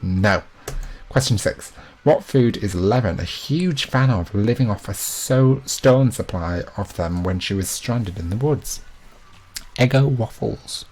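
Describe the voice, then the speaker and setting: A man's voice: fairly low pitch, animated, a little slow, darkish tone, slight background noise. A young man hosting a live quiz, chatty and joking, with self-mocking asides between questions. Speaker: quiz host.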